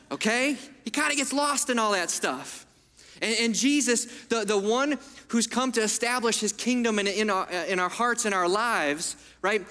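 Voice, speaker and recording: Pastor guy preaching, high bright voice, chatty, lots of "right?", big echoey church hall. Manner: conversational, asks the room for agreement. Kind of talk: sermon.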